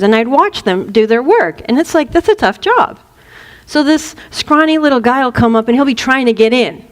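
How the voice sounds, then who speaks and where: A woman's voice: on the high side, in a large hall. A woman minister giving a spiritual teaching talk, playful, laughing often and acting out little voices.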